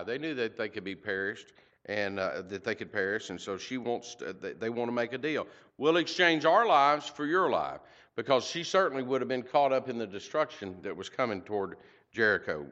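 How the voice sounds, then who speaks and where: A man's voice: lowish voice, bright, forceful tone, muffled recording. An older man teaching a Bible passage verse by verse, folksy, with rhetorical questions and personal stories.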